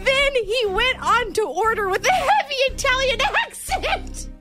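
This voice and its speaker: A woman's voice: very high-pitched, soft background music. A woman co-hosting a radio show in casual chat, reading listener stories with lots of giggling. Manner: giggly, animated, quick to laugh.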